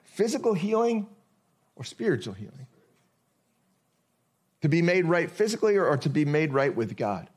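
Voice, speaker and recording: A pastor with a somewhat high male voice delivers a sermon. He talks to the congregation in a conversational way, asking rhetorical questions. He slows down to read scripture deliberately. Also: big pitch swings, breathy edge. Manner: reads scripture slowly and deliberately.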